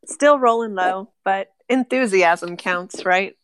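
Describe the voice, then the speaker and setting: A woman's voice: mid-range voice, slow pace, a bit bright, a little hiss or hum, rough recording. A woman playing in a tabletop game, chatty and playful about her character's pet. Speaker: player. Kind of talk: casual chat, tabletop game.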